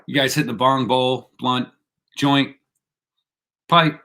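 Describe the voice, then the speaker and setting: A man's voice: mid-range voice, steady tone, slow pace, sharp tone. A man hosting a casual live stream, laid-back and rambling, laughing often as he chats with viewers. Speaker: livestream host.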